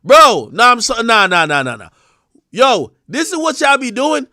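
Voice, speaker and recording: A young man hosting a livestream, ranting bluntly and swearing, dropping to mumbles and then rising to shouts. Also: very high voice, huge pitch swings, normal speed, no echo, clean studio sound. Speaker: livestream host. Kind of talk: casual livestream rant.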